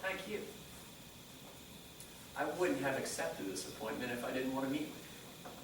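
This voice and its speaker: A man giving a motivational talk on stage, telling stories and acting out conversations in a lively way. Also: medium pitch, normal speed, background noise. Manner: animated storyteller quoting dialogue. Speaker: motivational speaker. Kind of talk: live presentation storytelling. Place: conference room. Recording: echoey hall mic from a distance.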